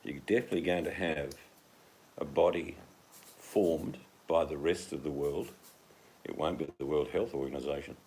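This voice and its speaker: A man's voice: rumbling low, moderate pace, a little mellow, a little hiss or hum. An Australian man in a casual, rambling monologue, joking and teasing with plenty of slang.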